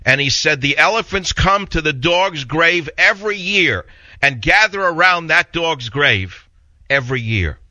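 A man's voice: fairly high pitch, animated, unhurried, pushed and bright, no echo. A man hosting a radio talk show, telling stories in a rambling, indignant way and taking calls. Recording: dull lo-fi radio broadcast.

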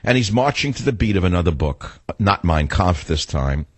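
A man's voice: low voice, lively intonation, moderate pace, breathy edge, no echo. An older man hosting a talk radio show, delivering a combative, sarcastic monologue.

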